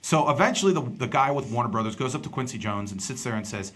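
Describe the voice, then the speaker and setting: Medium-pitched and quick-talking, this man hosts a podcast and does stand-up. He relates a story conversationally, bringing it to life by performing the voices of the people he quotes.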